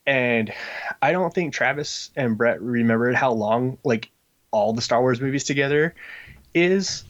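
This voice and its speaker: A man's voice: medium pitch, a little slow. Rambling man telling stories, lo-fi. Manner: rambling storyteller, acts out voices, many fillers. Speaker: comic book creator. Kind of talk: casual podcast chat. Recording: slightly dull lo-fi audio.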